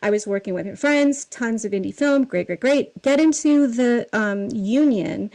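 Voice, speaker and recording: A woman with a fairly high voice tells casual stories as a podcast guest. She is animated and self-deprecating, and she laughs often. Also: normal speed, vocal fry, low-quality recording. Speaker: guest, film key costumer.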